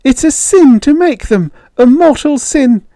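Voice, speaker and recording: A man reading an audiobook, voicing a frightened, hysterical mother who pleads in a shrill, desperate voice. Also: animated, unhurried, mellow, dry recording. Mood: pleading.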